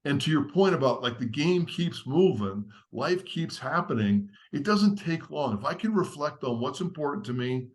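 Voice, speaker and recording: A man with a fairly high voice lays out a step-by-step framework as a podcast guest, speaking at a moderate pace with hardly any pauses. Earnest and teacherly, his steady, structured delivery resembles a seasoned author talking through ideas.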